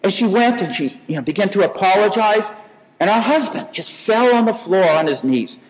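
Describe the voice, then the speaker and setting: A man's voice: high-pitched, lively intonation, normal speed, in a large hall, poor audio. A man preaching a sermon in a conversational way, telling stories and asking rhetorical questions.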